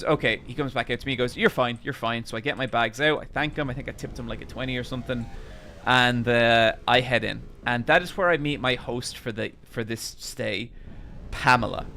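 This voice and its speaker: A man streamer telling a long anecdote to his chat, animated and casually swearing as he rambles. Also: medium pitch, vocal fry.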